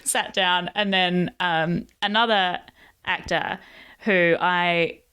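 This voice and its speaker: A young woman, a guest actor telling lively stories in a casual podcast chat. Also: fairly low pitch, takes it slowly, clean tone, dry recording. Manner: animated storyteller, acts out quoted voices.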